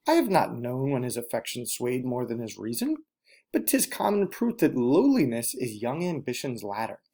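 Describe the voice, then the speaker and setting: A man's voice: medium pitch, dark tone. A man reading as a brooding Roman nobleman. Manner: slow, dramatic mock-Shakespearean reading. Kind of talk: dramatic reading of a soliloquy.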